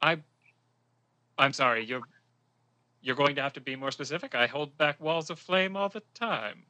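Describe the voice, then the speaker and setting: Deadpan male player, dry close sound. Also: on the high side, normal speed, dry recording.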